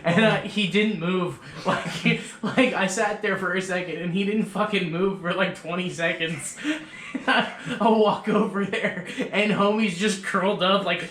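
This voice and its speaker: A man's voice: high voice, fairly even intonation, measured pace, fairly bright tone. A young man hosting a podcast, telling stories animatedly with swearing and laughter. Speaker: podcast host. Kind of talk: casual chat. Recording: echoey room, faint hiss.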